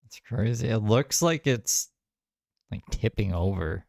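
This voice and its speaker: A man's voice: on the low side, lively intonation, unhurried, vocal fry, darkish tone, no room sound, clean studio sound. A man giving casual, wry commentary on videos, musing aloud and talking to his viewers.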